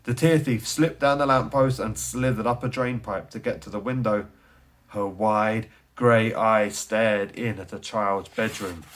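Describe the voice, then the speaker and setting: A man tells a children's bedtime story with lots of drama in his voice. He drops to a near whisper for sneaky moments and then builds up loud and excited. His speaking voice sits a little low. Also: unhurried. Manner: animated, swings from hushed to loud and excited. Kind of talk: expressive children's story reading.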